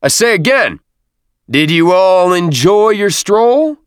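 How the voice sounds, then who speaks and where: A man voicing a commanding military captain who shouts on the parade ground but stays friendly and relaxed in conversation. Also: moderate pace, no echo, studio quality, lightly acted. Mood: booming. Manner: booming parade-ground calls, easy officer's banter.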